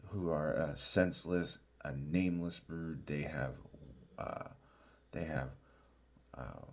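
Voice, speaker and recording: Very deep gravelly pastor teaching slowly. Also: male voice, darkish tone. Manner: halting, many fillers and restarts, asks "right?" and "y'all". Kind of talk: bible teaching.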